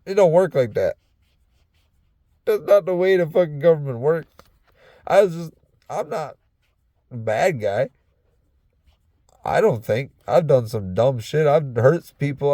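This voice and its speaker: A man's voice: fairly high pitch, lively intonation, a little slow, pauses often, mellow, no room sound. Man with a half-faked Southern drawl, swearing. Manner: heavy swearing, loose and rambling. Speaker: vlogger. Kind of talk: casual rambling monologue. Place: inside his truck.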